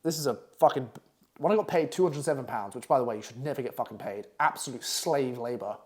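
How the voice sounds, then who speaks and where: A man's voice: medium pitch, expressive. A young man teaching copywriting in a blunt, crude, constantly swearing casual manner. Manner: crude, blunt and swearing constantly, acting out clients in quick asides. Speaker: copywriting coach. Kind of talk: profane casual masterclass talk.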